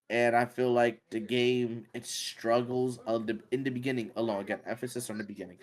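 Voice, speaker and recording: A man's voice: mid-range voice, a little fast. Podcast co-host, male, mid-range voice, loose filler-heavy game talk. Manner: rambling, filler-heavy, animated when excited. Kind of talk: casual gaming podcast chat.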